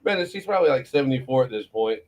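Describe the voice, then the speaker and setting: Racing along in an expressive, medium-pitched voice with a darkish tone, a middle-aged Florida man hosts a morning show. He tells rambling, profane stories in casual conversation and laughs frequently.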